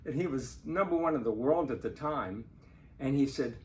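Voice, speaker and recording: An older man, a lawyer, telling a true personal story in a chatty, animated way and laughing now and then. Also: medium pitch, normal speed. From Portsmouth, Virginia. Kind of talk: casual spoken storytelling.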